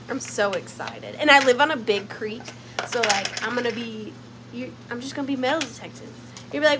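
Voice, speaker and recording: Young woman, vintage seller, bubbly and playful, high and swooping. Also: lively intonation, fast talker, very noisy. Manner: bubbly and playful, talks to her items. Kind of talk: casual live sale chat.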